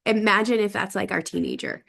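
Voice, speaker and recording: A woman's voice: mid-range voice, wildly swooping pitch, a little fast, vocal fry, a bit bright. A middle-aged woman in a casual group discussion, talking in long reflective runs and often checking in with the listener. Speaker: podcast guest.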